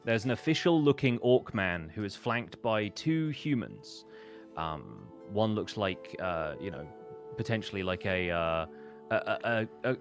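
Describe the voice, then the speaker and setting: A man narrating a tabletop role-playing game as dungeon master, casual and filled with ums and restarts. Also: lowish voice.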